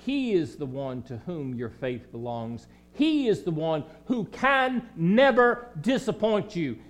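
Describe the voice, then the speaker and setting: A pastor with a Southern accent preaching a sermon in a church, swinging between loud emphasis and quiet, low passages. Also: male voice, big pitch swings, takes it slowly. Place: church sanctuary.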